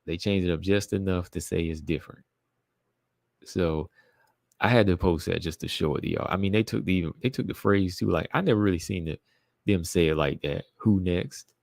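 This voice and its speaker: A man with a deep, gravelly voice hosts a live stream and talks casually to his viewers. He circles back to the same phrases for emphasis and keeps addressing the chat directly. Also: moderate pace, darkish tone, dry recording, studio quality. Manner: informal, uses "y'all" and "be listening". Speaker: podcast host.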